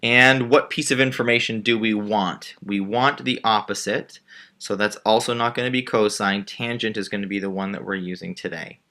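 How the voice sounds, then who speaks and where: A man's voice: fairly low pitch, steady tone, normal speed, pushed and bright. A male math teacher patiently walking through a word problem step by step while drawing a diagram. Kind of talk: screen-recorded math lesson.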